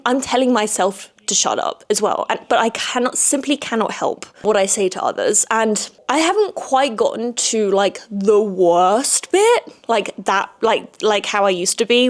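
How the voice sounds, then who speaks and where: A young woman hosting a podcast, talking candidly and rambling in a frank personal monologue, swearing freely. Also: medium pitch. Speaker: podcast host.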